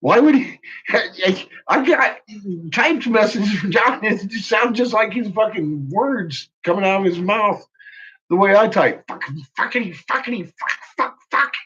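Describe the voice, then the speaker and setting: A man's voice: high voice, unhurried, a bit bright. A man ranting on a live stream in casual, profane talk, laughing often and calling out to his viewers by name. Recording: muffled lo-fi recording.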